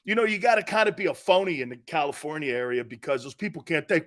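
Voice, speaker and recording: A middle-aged man with an East Coast American accent, hosting a sports talk show in brash, loud, joking banter. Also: a little high, fast talker. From Northeastern United States. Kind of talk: casual live show banter.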